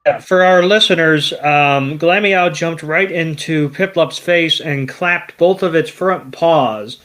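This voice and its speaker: A man's voice: a little high, slow pace, a bit bright. A man co-hosting a podcast, retelling an episode in loose chat and swearing now and then. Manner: loose, profane storytelling. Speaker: podcast co-host. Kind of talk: casual episode recap chat.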